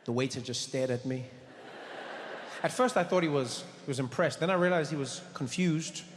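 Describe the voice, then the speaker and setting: A man performing stand-up comedy, telling a story with animated delivery that swings to shouts. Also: a little high, normal speed, noisy background. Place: large performance venue. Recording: roomy hall echo, venue ambience.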